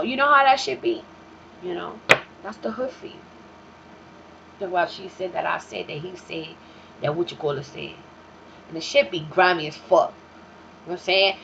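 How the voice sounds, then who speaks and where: A woman's voice: medium pitch, a bit bright. A woman host talks in a loose, unscripted monologue, blunt and heavy with profanity. Her streetwise storytelling comes through a dull, slightly lo-fi recording with a faint hiss behind it. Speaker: talk show host. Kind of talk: casual monologue.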